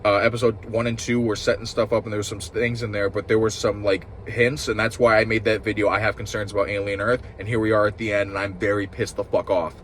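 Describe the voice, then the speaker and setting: A man's voice: on the low side, flat delivery, quick pace, hardly any pauses, fairly bright tone, a little hiss or hum. Frustrated, swearing man ranting. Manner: frustrated, swearing, rambling with restarts. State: upset and agitated. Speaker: show reviewer. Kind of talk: ranting casual review.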